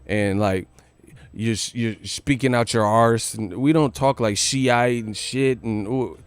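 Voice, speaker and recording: A man's voice: medium pitch, takes it slowly, clean tone, dry recording. Profane man ranting casually. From United States. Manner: loose, profane, repetitive street slang. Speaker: boxing commentary host. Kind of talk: live stream rant.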